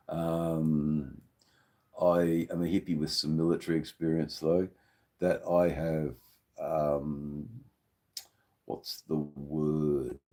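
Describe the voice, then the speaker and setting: An Australian man hosting a live stream, rambling and swearing freely as he greets viewers in the chat. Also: mellow. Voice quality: deep, unhurried voice. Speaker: livestream host.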